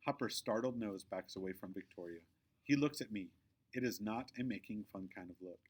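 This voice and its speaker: A man reading a children's chapter book aloud, with expressive storytelling in a middle pitch. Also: a little fast, breathy edge. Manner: expressive storytelling, dropping low for narration tags. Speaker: reader.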